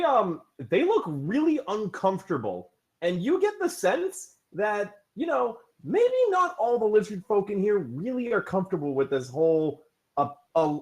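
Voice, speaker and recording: A man runs a tabletop game in a high, lively voice that swings up and down a lot. He rambles casually and breaks into chuckles between descriptions. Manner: laughing, rambling narration. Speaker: game master.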